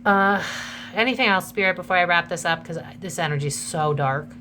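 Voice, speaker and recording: Woman, tarot reader, low voice, chatty and emotional, faint hum behind. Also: fairly quick, bright, forceful tone. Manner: chatty, emotional, swears freely. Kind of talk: casual tarot reading to camera.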